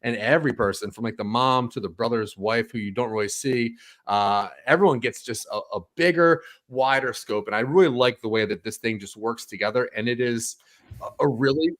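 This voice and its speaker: A man's voice: mid-range voice, a little fast, fairly bright tone. Chatty man reviewing TV shows. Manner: enthusiastic, rambling with fillers and restarts. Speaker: podcast guest reviewing TV. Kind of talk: casual podcast chat.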